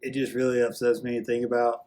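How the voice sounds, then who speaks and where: A man vlogging a rambling, earnest confessional story, halting often and restarting his sentences. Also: mid-range voice, level tone, a little mellow. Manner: halting, earnest, with many restarts and drawn-out fillers.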